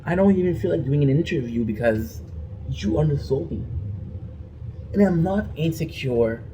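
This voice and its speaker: A man's voice: fairly high pitch, lively intonation, moderate pace, dark tone, muffled recording, slight background noise. A man vlogging an emotional personal rant, rambling and frustrated, often restarting his sentences.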